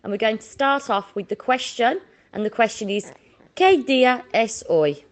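A woman teaching children a Spanish lesson, slowly drawing out each word for them to repeat. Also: fairly high pitch, expressive. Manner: slow, drawn-out modelling of words for repetition.

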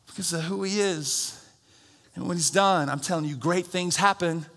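A high-voiced man with a bright, ringing tone preaches a sermon in a church auditorium. He drops into hushed, confiding teaching, then climbs into shouted calls for an amen. He jokes with the congregation and speaks with a drawl. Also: moderate pace. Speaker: pastor.

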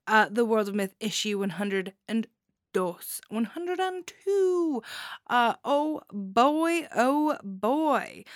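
A woman's voice: mid-range voice, a bit bright, no echo, clean studio sound. A woman hosting a podcast, giving a casual, chatty review with bubbly enthusiasm and frequent giggles. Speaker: podcast host reviewing stories.

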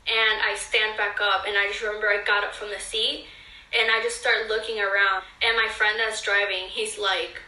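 A woman's voice: mid-range voice, flat delivery, moderate pace, sharp tone, recorded from a distance. A young woman earnestly telling a personal story to her viewers in a casual, filler-heavy way. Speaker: vlogger. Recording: echoey room, voice a bit off-mic.

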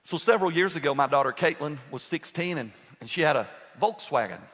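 An older man preaches to his congregation with lively, humorous storytelling, firing questions at the room. His voice sits slightly high and moves through a wide, expressive range. A long church reverb trails behind every phrase. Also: a little fast. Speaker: pastor. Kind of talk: sermon. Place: church sanctuary.

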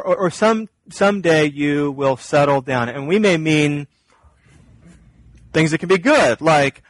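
A man preaching a sermon, reading scripture and explaining it earnestly, his voice climbing and growing louder when he presses a point. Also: dry recording, rough recording. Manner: earnest preaching, rises in pitch and volume when stressing a point. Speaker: pastor.

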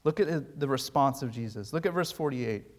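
A man's voice: medium pitch, expressive, normal speed. A man preaching a sermon as pastor, earnest and pleading with touches of dry humor.

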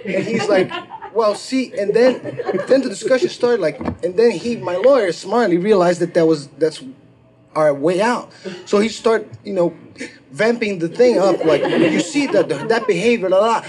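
A man doing stand-up, telling a long profane story and acting out the people in it, with shouted quotes. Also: high-pitched, moderate pace. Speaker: stand-up comedian. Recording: live crowd laughter. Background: audience laughter.

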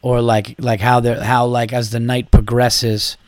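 A man's voice: medium pitch, level tone, a little slow, no room sound, clean studio sound. A man, a comedian and podcast host, telling a story casually with profanity and plenty of "like" and false starts. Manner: profane, rambling, lots of "like" and restarts.

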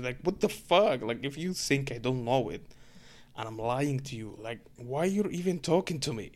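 A man's voice: mid-range voice, lively intonation, normal speed. A man from Egypt with an Egyptian accent, speaking English as a second language and telling a rambling story, full of fillers and swearing. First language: Arabic. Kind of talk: casual storytelling rant.

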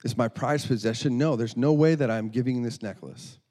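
A man's voice: medium pitch, brisk, creaky, dark tone, husky, long reverb tail. A man voicing a stubborn eight-year-old girl who pleads and protests, repeating herself. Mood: indignant.

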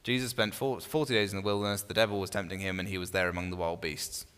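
A man teaching a small Bible study group in a relaxed, conversational way, often restarting phrases and putting questions to his listeners. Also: low-pitched, fast, clear, resonant tone. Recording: long reverb in a room.

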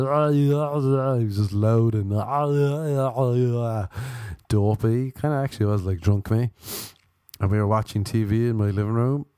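A young man, his voice hoarse from illness and mellow in tone, rambles through self-deprecating stories. The recording is close and dry, and he jumps into higher voices when he acts out what others said. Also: dry recording. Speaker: podcast host. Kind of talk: casual comedic storytelling.

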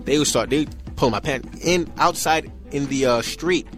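A young man tells his story in an interview, mid-pitched and animated. He keeps checking in with the listener as he talks. Faint music plays underneath. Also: moderate pace. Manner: animated, acts out quoted voices, frequent "you know what I'm saying". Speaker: interview guest. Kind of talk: casual storytelling in conversation.

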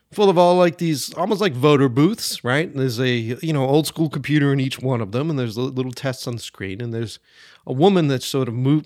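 A man's voice: medium pitch, no echo, clean studio sound. A man in his forties, a podcast host, telling a story casually with profanity and acting out the people he quotes. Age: 40s.

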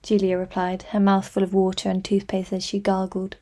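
A woman reading a novel aloud in measured, scripted narration. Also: medium pitch, monotone, mellow. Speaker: audiobook narrator.

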